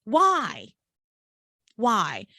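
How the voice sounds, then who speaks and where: A woman's voice: mid-range voice, very slow, dry recording, studio quality. A woman co-hosting a podcast, casually recapping soap episodes and acting out the characters' lines as she goes. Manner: animated, acts out soap characters' lines while retelling. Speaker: podcast co-host.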